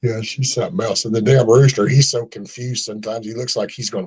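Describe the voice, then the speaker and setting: A man's voice: fairly low pitch, steady tone, a little fast, darkish tone, breathy edge, rough recording. A man hosting a casual chat, rambling through folksy stories with mild cursing and acted-out quotes. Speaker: host of a casual live chat.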